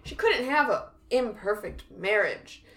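A woman's voice: medium pitch, very animated, unhurried, fairly bright tone. A woman in casual chat, laughing often and restarting her sentences as she talks. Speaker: podcast co-host.

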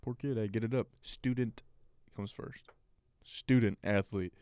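In casual sports-podcast banter, this co-host rambles, leans on fillers, and laughs readily. He has a medium-pitched, dark-toned voice with fairly even intonation and a moderate pace, and the sound is clean with no echo.

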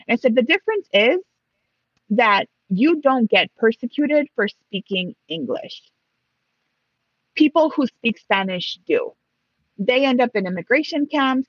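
A woman's voice: fairly high pitch, moderate pace, slightly rough, no room sound, muffled recording. A Mexican woman telling a story in casual conversation, acting out both sides of a heated exchange. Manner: animated, acts out both sides of a dialogue.

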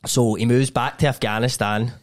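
A man's voice: mid-range voice, fairly even intonation, moderate pace. A young man hosting a podcast, telling events in casual chat, acting out what people said and swearing as he goes. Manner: acts out quotes of people, swears, mixes chat with narration. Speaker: podcast host.

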